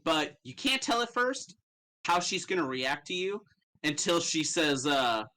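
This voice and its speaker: A man's voice: a little high, expressive, unhurried, pushed and bright, rough recording. A man narrating a tabletop game as game master in a casual, profane way, laughing often.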